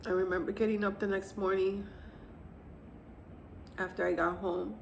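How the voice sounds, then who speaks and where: A woman in her fifties, a grieving mother, telling the story of her son's death to camera in a soft, halting, tearful way. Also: mid-range voice, flat delivery, gravelly, slight background noise. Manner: soft, halting, tearful retelling with quiet pauses. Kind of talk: emotional personal testimony to camera.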